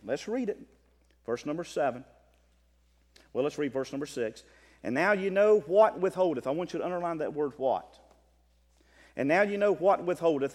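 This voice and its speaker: A man preaching a sermon as pastor, swinging from impassioned near-shouting to calm scripture reading. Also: fairly high pitch. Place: church. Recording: long reverb of a church hall.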